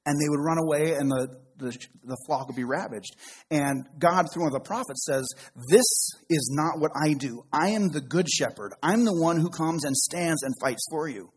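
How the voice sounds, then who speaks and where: A middle-aged pastor delivers a relaxed sermon, drifting into joking asides. His voice is a touch high and noticeably husky. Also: normal speed.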